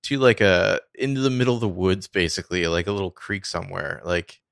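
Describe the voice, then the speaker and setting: A man's voice: low-pitched, fairly quick, gravelly, a bit bright, dry recording, studio quality. A man co-hosting a podcast, dismissing a film's problems in a wry, casual way. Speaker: podcast co-host. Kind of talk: casual movie review chat.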